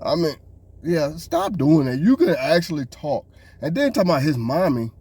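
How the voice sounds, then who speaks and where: A man's voice: fairly high pitch, big pitch swings, normal speed, warm tone, slightly rough, no room sound. Fed-up podcast guy ranting, aave, voice jumps all over, dry close sound. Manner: exasperated, ranting. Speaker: podcast co-host. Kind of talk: casual reaction commentary.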